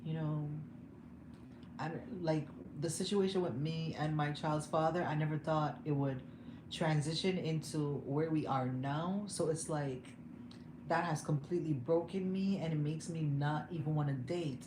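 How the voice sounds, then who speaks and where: Young woman venting on a phone stream, lowish voice, echoey room with hiss behind. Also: steady tone, measured pace. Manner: emotional, candid, laughs often. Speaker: vlogger. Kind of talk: casual livestream chat. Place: home room. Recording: echoey room with background noise.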